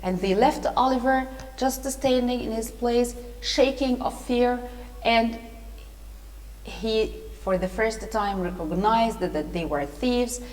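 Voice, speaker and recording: A woman's voice: a little high, slow, a little mellow. A woman English teacher reading a story aloud, explaining words and asking her listeners questions. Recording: echoey room.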